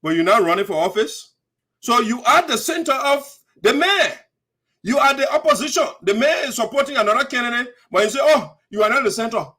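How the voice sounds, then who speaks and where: A man's voice: very high voice, lively intonation, brisk, bright, forceful tone. A man with a Liberian English accent hosting heated political commentary, indignant and mocking. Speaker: host.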